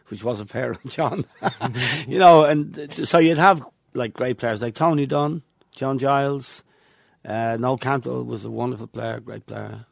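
A man's voice: mid-range voice, gravelly, dry recording. An older Irish man, a guest in an interview, telling anecdotes from his football past with chuckles between stories. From Ireland. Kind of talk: reminiscing interview.

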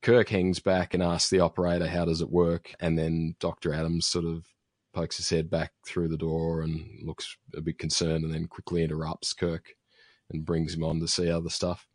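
A man's voice: low voice, completely flat delivery, moderate pace, no room sound, clean studio sound. A man casually recapping a TV episode as a podcast host, rambling with fillers and restarts. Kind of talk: casual chat.

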